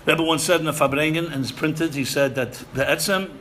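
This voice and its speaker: Emphatic bright-voiced man lecturing. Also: a little high, brisk, slight background noise. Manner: emphatic, repeats phrases, Yiddish and Hebrew terms. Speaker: rabbi lecturing seminary students. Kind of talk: sermon-style lecture.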